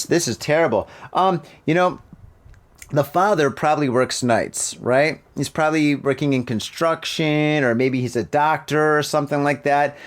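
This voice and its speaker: A man hosting a podcast, reading news stories and riffing on them in an animated, profane, joking way. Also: on the high side. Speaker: podcast host. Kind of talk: casual news commentary.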